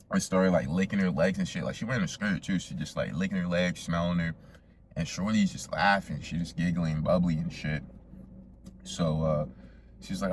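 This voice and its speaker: A man's voice: low-pitched, slight background noise. A young man casually telling a profane, slangy story straight to his viewers as a vlogger.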